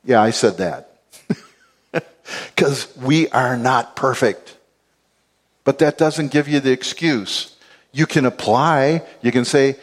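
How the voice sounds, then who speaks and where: A man's voice: medium pitch, takes it slowly. A middle-aged man preaching a sermon, telling stories with acted-out quotes and chuckles. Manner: animated storytelling with acted-out quotes and laughs. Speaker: pastor.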